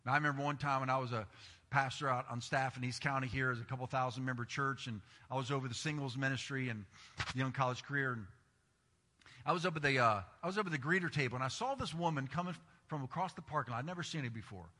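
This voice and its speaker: Bright-voiced preacher in an echoing hall. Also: male voice, medium pitch, fast talker. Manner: animated storytelling, acting out quoted voices. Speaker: pastor. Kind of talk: sermon. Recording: long reverb of a large hall.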